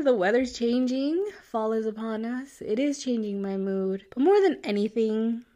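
A woman's voice: medium pitch, a little mellow. Stuffy-nosed young woman, chatty host. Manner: chatty, laughs often, mixes in Spanish words. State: stuffy nose from a sinus infection. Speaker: podcast host. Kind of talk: casual chat.

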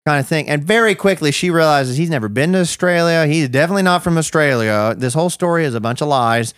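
A man's voice: a little high, fast talker, fairly bright tone, clean tone, dry recording. Guy on a podcast rambling through his own story, laughs at himself, dry close sound. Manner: reflective, self-deprecating, rambling with restarts. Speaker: podcast guest. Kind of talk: personal storytelling in a podcast interview.

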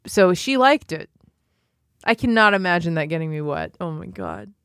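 A woman's voice: lowish voice, animated, moderate pace, gravelly, fairly bright tone, clear, resonant tone, no room sound, studio quality. A woman co-hosting a comedy podcast, telling rambling, profane stories in casual chat. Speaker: podcast co-host.

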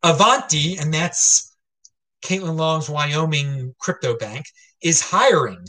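A man's voice: a little high, slow pace, sharp tone. A man hosting his own crypto show, ranting casually and emphatically, rambling with frequent repeats and tag questions. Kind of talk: casual opinion rant.

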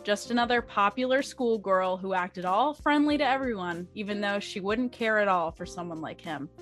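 A woman's voice: medium pitch, moderate pace, hardly any pauses, a bit bright, soft background music. A young woman casually reading a fanfic aloud in a chatty, giggly way. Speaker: fanfic reader. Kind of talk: casual storytelling read-aloud.

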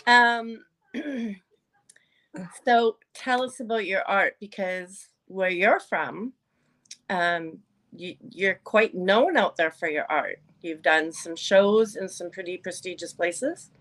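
A woman's voice: medium pitch, slow, fairly bright tone. Woman host asking questions. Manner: friendly, prompting questions. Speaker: podcast host. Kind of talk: casual interview over video call. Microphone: video call.

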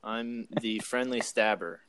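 A man's voice: fairly low pitch, a little slow, fairly bright tone, a little hiss or hum, poor audio. A man co-hosting a casual podcast, running the game and teasing the others, laughing often.

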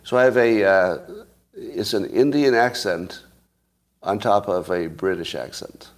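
Speaking at a measured pace in a lowish voice, this host from California keeps things casual with his listeners. He jokes around and drifts loosely between subjects.

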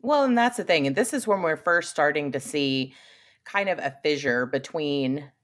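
Woman podcast co-host, casual and animated, low-ish voice with a very lively swing, quick laughs and easy swearing. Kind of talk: casual chat.

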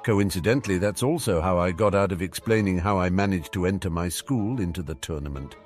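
A man's voice: low-pitched, brisk, a little mellow, faint music behind, natural voice. Man voicing a cheeky, wry teenage wizard. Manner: sardonic, breezy.

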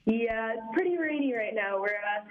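A woman's voice: on the high side, lively intonation, moderate pace, highs cut off. A young woman from Vermont, a guest in a casual interview, speaking cheerfully with frequent ums. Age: young adult.

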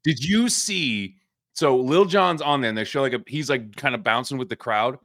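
A man's voice: medium pitch, normal speed, a bit bright, no room sound, clean studio sound. A middle-aged man co-hosting a podcast in casual chat, swearing freely and laughing mid-story. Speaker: podcast co-host.

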